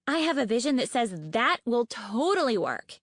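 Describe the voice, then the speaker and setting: A woman voicing an eager, hopeful young female dragon who has visions, in a bright, quick manner. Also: a little high, big pitch swings, no room sound, clean studio sound, pitched above the performer's own voice.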